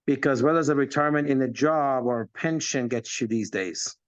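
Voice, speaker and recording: A man in his fifties giving an animated motivational talk as a network marketing coach, acting out quoted voices. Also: medium pitch, a little fast, no room sound. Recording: dull, dry lo-fi sound.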